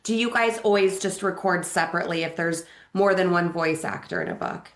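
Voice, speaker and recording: Woman host, casual interview, chatty, enthusiastic, a bit sick, slightly deeper voice. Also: brisk. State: a little sick, voice deeper than usual. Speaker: podcast host.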